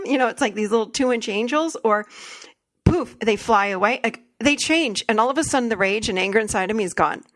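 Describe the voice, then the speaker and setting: A woman's voice: medium pitch, fairly bright tone, no room sound. A woman hosting a podcast, talking earnestly and enthusiastically and repeating phrases for emphasis. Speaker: podcast host and therapist. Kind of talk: casual podcast chat.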